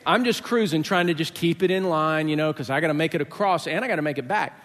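A middle-aged male pastor tells a story from the pulpit in an animated way, switching into other people's voices and chuckling as he goes. His voice sits a touch high for a man. It carries through a church with a long reverb tail. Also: fast talker. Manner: animated storyteller acting out voices, laughing along. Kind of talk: sermon with storytelling.

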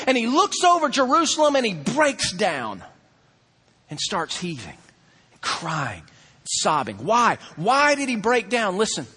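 A man preaching a sermon, acting out crowd voices and swinging between loud excitement and hushed intensity. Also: high-pitched, slightly rough. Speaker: pastor.

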